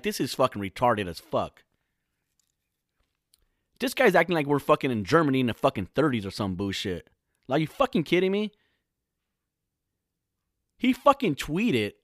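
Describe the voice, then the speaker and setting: A man ranting casually to camera, swearing heavily in fast slangy talk that swings into loud outbursts. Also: mid-range voice, dry recording, clean studio sound. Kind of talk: casual profane rant to camera.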